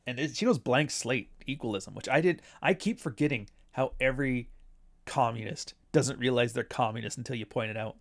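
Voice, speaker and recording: A man's voice: medium pitch, a little fast, vocal fry. A man from Canada giving blunt, sarcastic commentary on a livestream, reading out viewer messages. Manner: blunt, sarcastic, laughing at his own jokes. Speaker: commentary streamer.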